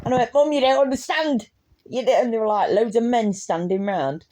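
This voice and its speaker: A woman's voice: a little high, fairly quick, dark tone. A young woman tells a casual storytime anecdote, laughing often and swearing freely. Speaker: vlogger.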